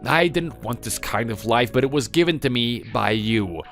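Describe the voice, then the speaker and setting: A man's voice: medium pitch, lively intonation, normal speed, a bit bright, faint music behind. A man playing a bitter, drunk adult son who blames his mother for his failures in an accusing, self-pitying way. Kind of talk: dramatized family story reading.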